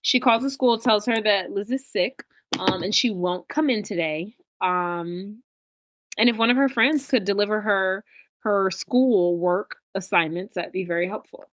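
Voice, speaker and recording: She co-hosts a podcast and recaps a film casually, playing out the characters' quotes with animation. Her medium-pitched voice is unhurried, and there's no echo.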